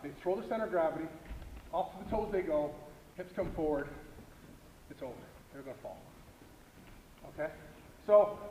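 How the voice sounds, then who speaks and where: A man explains blocking technique at a coaching clinic, driving his points home and pausing for "okay?" His voice sits high for a man. He is recorded from across a large hall with a long, roomy echo. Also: dark tone. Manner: emphatic, repetitive, frequent "okay?". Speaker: football line coach. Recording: echoey hall, far from mic, noisy.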